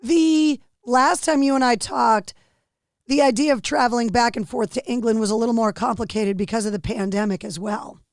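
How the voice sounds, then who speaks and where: A woman hosting a podcast interview, friendly and quick to laugh with her guest. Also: a little high, dry recording, clean studio sound. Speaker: podcast host.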